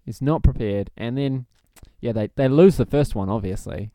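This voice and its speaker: A man's voice: mid-range voice, moderate pace, mellow, no echo, studio quality. A man co-hosting a casual podcast, rambling and joking, laughing often. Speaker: podcast co-host. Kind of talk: casual comedic chat.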